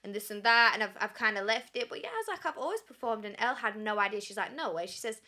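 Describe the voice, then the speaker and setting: Chatty young Yorkshire woman, bright voice. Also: mid-range voice, fast. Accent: Yorkshire English. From Sheffield, England. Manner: animated, acts out quoted dialogue. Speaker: guest singer. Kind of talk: casual storytelling.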